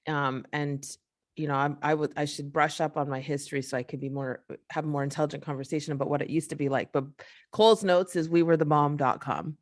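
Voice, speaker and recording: A woman's voice: sits low, fairly even intonation, fairly quick. A woman hosting a solo podcast, ranting in a frustrated, emphatic, profane way. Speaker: podcast host. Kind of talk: casual solo podcast rant.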